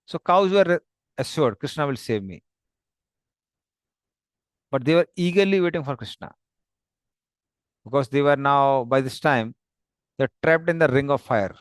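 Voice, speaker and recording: A man narrating a devotional story slowly and plainly, pointing to slides as he goes. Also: mid-range voice, clean tone, dry recording, studio quality. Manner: slow, plain, explanatory with pauses.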